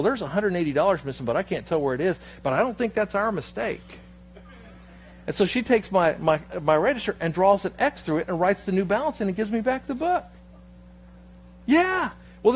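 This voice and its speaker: A man preaching a sermon as pastor, telling a personal story with lively quoted dialogue before turning to scripture. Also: high-pitched, slightly rough. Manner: storytelling, animated, quoting others in his anecdotes. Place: church sanctuary.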